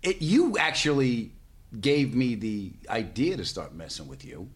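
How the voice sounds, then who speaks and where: A man's voice: medium pitch, measured pace. Dry, teasing male podcast host. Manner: dry, teasing, deadpan jokes. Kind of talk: casual podcast chat.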